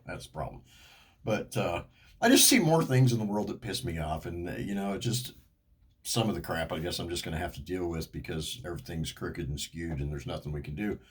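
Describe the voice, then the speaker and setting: A middle-aged man talks straight at the camera in a loose, rambling rant. His voice sits a little low, and his tone is sarcastic and cranky, with frequent swearing. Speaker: vlogger. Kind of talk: casual ranting monologue.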